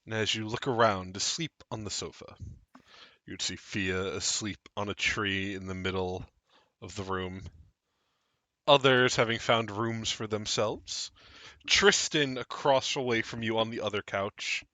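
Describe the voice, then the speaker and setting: A man's voice: lowish voice, measured pace, bright, forceful tone, no room sound. A man narrating as game master of a tabletop game, with wry asides.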